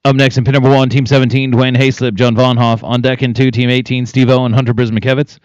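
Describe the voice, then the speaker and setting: Announcer calling team penning runs. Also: male voice, medium pitch, level tone, fast talker, darkish tone, dry recording, highs cut off. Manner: rattles off times, teams and cattle numbers. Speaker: arena announcer. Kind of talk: live event announcing.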